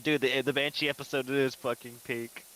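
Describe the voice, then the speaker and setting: A woman's voice: extremely low pitch, steady tone, a little fast, fairly bright tone, a little hiss or hum. A young woman co-streamer chatting casually, swearing and laughing as she recommends clips. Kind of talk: casual chat.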